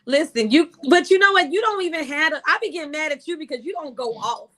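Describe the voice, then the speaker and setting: A young woman hosts a casual talk show in a high, bright voice. She is brash and profane and tells her stories with animated swings in her delivery. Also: fast. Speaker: podcast host. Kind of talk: casual chat.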